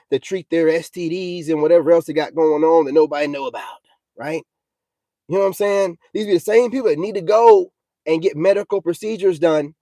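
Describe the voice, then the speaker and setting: A young man rants into the camera in a combative, preachy monologue, circling back to the same points. His voice sits a little high for a man, with a soft, mellow tone. The sound is dry and close. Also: no room sound. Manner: preachy and combative, repeats himself, says "you know what I'm saying" often. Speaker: self-styled spiritual vlogger. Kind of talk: ranting vlog monologue.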